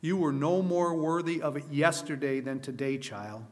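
A man voicing a firm but gentle woman nanny in a read-aloud story. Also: fairly high pitch, moderate pace, natural voice.

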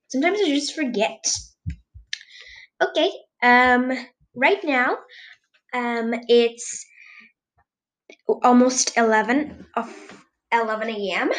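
A woman's voice: a little high, rough recording. A teenage girl hosting a solo podcast in casual chat, who giggles often, keeps losing her thread and fills gaps with "um" and exclamations. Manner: exclamations and filler "um"s. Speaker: podcast host.

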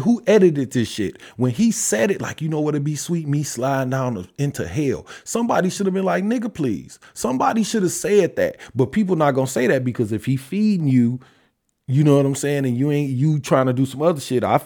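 A man hosting a podcast, ranting in heated, profane casual talk, his pitch jumping sharply on the points he stresses, then sinking into low mutters and sighs. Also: lively intonation, a little fast, dark tone. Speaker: podcast host. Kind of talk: casual opinion rant.

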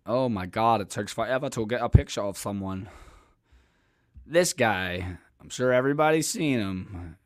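A man's voice: on the low side, expressive, normal speed. A man hosting a podcast, telling stories in a rambling, profane, casual way and laughing often. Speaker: podcast host.

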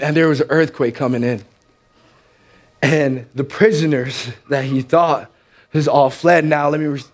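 A man preaching in church, telling a story with energy and acting out the characters. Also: a little high. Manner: animated, acts out the characters. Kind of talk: sermon storytelling.

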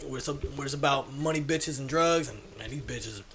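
Fast-talking, rambling co-host man. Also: mid-range voice, a bit bright, a little hiss or hum. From Orangeburg, South Carolina. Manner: rambling, fast storytelling with crude slang. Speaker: podcast co-host. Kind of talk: casual podcast chat.

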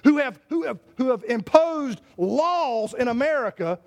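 High-voiced impassioned male pastor preaching. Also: expressive, a little slow, creaky. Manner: impassioned preaching with repetitions and restarts. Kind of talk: sermon.

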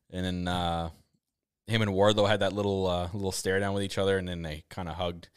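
A man from Canada hosts a casual podcast chat in a fairly low, smooth and resonant voice. He rambles excitably, often restarting his sentences. The sound is dry and close. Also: moderate pace, dry recording. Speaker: podcast host. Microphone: camera setup on a video call.

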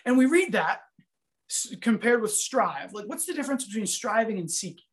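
A man giving a sermon, telling a story in an animated, conversational way full of fillers. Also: high-pitched, moderate pace. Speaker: preacher.

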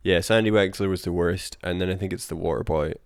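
A man's voice: low voice, fairly even intonation, fast talker, clear, resonant tone, no room sound, clean studio sound. A man co-hosting a podcast, talking through a film in casual, rambling chat full of "like" fillers and casual swearing. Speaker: podcast co-host.

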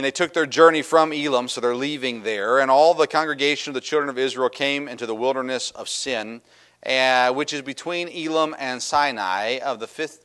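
Chatty, animated male pastor preaching. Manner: conversational, with many fillers and restarts; acts out Bible voices and the people's complaints with bursts of pitch. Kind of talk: sermon.

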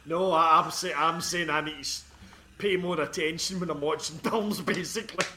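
A man's voice: a little high, fairly even intonation, moderate pace, noisy background. A man, a guest on a podcast, chatting laid-back about a film and laughing easily. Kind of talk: casual film review chat.

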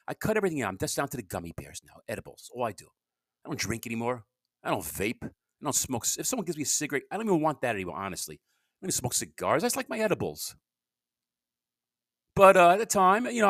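A middle-aged man talks through a loose, confessional podcast monologue. His pitch swings widely as he stammers and doubles back on his words. The recording is dry and close. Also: a bit bright, no room sound. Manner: stammering, repeats words, candid and blunt. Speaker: podcast host and comedian.

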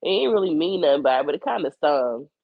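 A hoarse woman in her forties with a fading voice and a cough, talking candidly and reflectively in her personal video journal. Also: low voice, expressive, fast talker, no room sound, lo-fi sound. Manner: candid, rambling, colloquial, reflective. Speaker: psychic medium keeping a video journal.

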